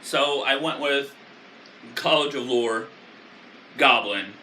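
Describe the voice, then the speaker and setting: A man's voice: mid-range voice, takes it slowly, bright, forceful tone, slight background noise. A man casually explaining a tabletop game character build, rambling with many fillers. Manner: loose and rambling, with frequent fillers. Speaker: video creator.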